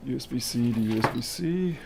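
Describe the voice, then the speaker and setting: A man's voice: mid-range voice, animated, fairly quick, gravelly, background noise. A man thinking aloud and muttering to himself as he works through a live repair stream. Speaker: electronics repair technician.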